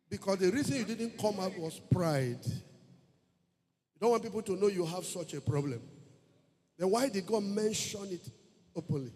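High-voiced pastor preaching in a reverberant hall. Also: male voice. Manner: emphatic, repetitive, breaking into shouted praise. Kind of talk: sermon. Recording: long hall reverb with faint music.

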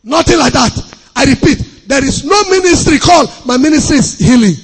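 High-pitched pastor preaching in a hall. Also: male voice, lively intonation, fairly quick. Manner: emphatic preaching with repetition and sudden shouts. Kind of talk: sermon. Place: church hall. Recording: long hall reverb.

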